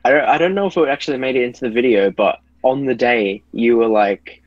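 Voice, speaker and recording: A man's voice: medium pitch, brisk, no room sound. A man chatting casually as a podcast guest, laid-back and full of "like" fillers. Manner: laid-back, hedging with lots of "like". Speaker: guest, YouTube reviewer. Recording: dull, slightly lo-fi sound.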